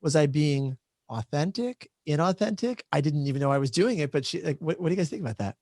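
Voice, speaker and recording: A man with a slightly raised voice talks fast in a casual online panel, recorded dry and close. He tells stories in a chatty, self-deprecating way. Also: fairly high pitch, animated, darkish tone, no room sound. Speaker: panel moderator. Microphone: video call.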